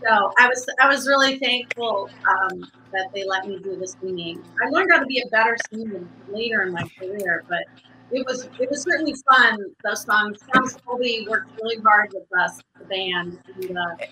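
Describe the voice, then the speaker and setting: A woman, an actress guest, recalling her career in a halting, warm way and laughing at herself. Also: medium pitch, a little hiss or hum, poor audio. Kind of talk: casual interview reminiscing.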